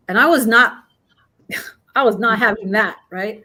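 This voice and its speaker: A woman's voice: medium pitch, moderate pace, bright, forceful tone. A middle-aged woman guest in casual chat, telling a long story with many restarts and fillers. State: has the hiccups.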